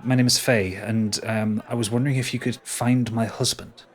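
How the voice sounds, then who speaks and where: A man's voice: medium pitch, fairly even intonation, moderate pace, close to an everyday voice. A man voicing a tired, worried middle-aged fishwife who speaks hesitantly and apologetically.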